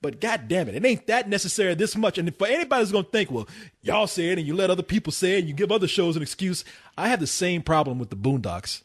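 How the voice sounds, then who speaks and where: An emphatic male film reviewer with a husky, high voice. He presses his points hard in casual chat. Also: big pitch swings, fast talker.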